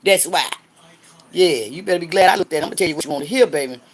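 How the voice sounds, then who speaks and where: Sixty-ish lady on a livestream, lower-pitched voice, going off on folks in AAVE, loud then muttering low. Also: quick pace, husky. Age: 60s. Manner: loud, cursing, trash-talking, swings between hollering and low muttering. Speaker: livestream host. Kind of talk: livestream chat answering viewers.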